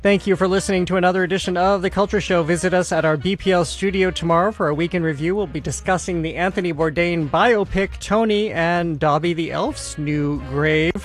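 A man hosting a radio culture show, chatting with a guest in quick sentences that often restart before signing off. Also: high-pitched, soft background music. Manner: friendly, quick, stumbling restarts. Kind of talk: radio interview and sign-off.

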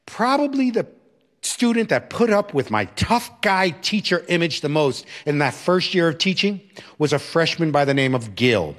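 Animated man telling a story. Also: on the high side, normal speed. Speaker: former teacher and religious brother. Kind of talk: personal storytelling talk.

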